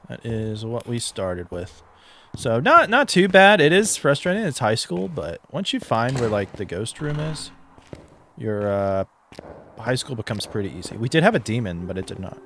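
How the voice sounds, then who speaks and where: A man's voice: on the low side, a bit bright, a little hiss or hum. A man giving casual commentary while streaming a game, chatty and thinking aloud with frequent fillers.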